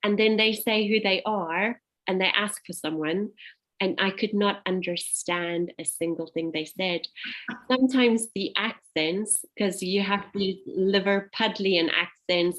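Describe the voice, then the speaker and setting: A woman in her forties from South Africa, whose first language is Afrikaans, speaks English with a South African accent as an interview guest. Her mid-range voice has a fairly bright tone, and her chatty answers are full of fillers and restarts.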